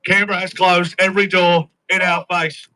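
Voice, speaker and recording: A man's voice: high voice, flat delivery, normal speed, sharp tone, slight background noise, low-quality recording. An Australian man giving a grand, rhetorical rally speech outdoors, building on repeated phrases. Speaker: rally speaker and chant leader.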